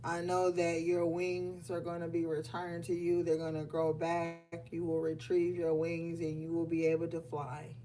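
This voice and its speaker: A woman's voice: on the low side, completely flat delivery, moderate pace, hardly any pauses, warm tone, faint music behind. A woman giving a spiritual reading, emotional and affirming as she speaks straight to her viewers. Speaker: tarot reader. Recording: distant mic with faint room noise.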